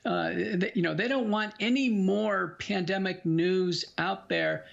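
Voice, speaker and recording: A man's voice: high voice, a little slow, creaky, fairly bright tone. A man, a doctor appearing as a guest, speaking earnestly and emphatically over a dull remote feed. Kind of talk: interview commentary.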